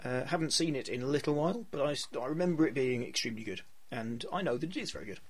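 A man's voice: mid-range voice, expressive, racing. A man hosting a podcast, giving chatty and opinionated film talk with a wry edge. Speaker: podcast host. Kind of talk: casual film chat.

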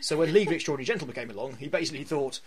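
A man's voice: a little high, expressive, rapid-fire, a loud crowd. A man hosting a podcast, giving chatty and opinionated film talk with a wry edge. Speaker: podcast host. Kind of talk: casual film chat.

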